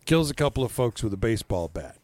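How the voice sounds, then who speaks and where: A man telling stories in easy chat, cursing freely and jumping into the voices of people he quotes. His pitch sits in the middle of a man's range. The sound is dry and close, with no room echo. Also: quick pace. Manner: animated storyteller, swears freely, acts out quotes. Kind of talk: casual chat.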